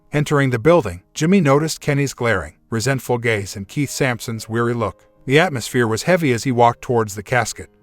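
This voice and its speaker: A man's voice: mid-range voice, no room sound. Man narrating a story, dry sound. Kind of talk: scripted narration.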